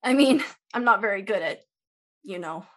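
Playing a tabletop role-playing game in character, a woman speaks at a moderate pace with an animated, medium-pitched voice. Her talk is hesitant and rambling, full of fillers.

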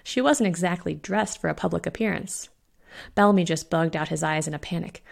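A woman reading her own short story aloud in a steady, expressive storytelling voice. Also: on the low side, fairly quick, vocal fry. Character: witch Fiona voiced in own voice.

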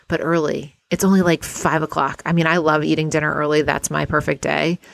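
A woman hosting a guided visualization, talking in an unhurried, dreamy way and inviting the listener to picture a perfect day. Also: low-pitched, vocal fry. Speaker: host guiding a visualization exercise.

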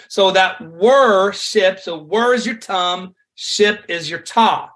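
A man, a songwriter and worship leader, explaining songwriting craft in an energetic, conversational way. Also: high-pitched, unhurried. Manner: energetic, conversational teaching with frequent fillers.

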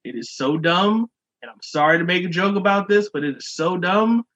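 A man co-hosting a podcast, telling a profane, animated joking rant in casual chat. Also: high voice, normal speed. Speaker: podcast co-host. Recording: dull lo-fi sound.

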